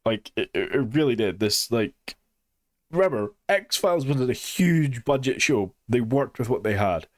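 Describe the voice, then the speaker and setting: A man's voice: mid-range voice, expressive, a little slow, dry recording, studio quality. A young man giving a blunt, sarcastic and sweary review of a TV show in a casual, opinionated way.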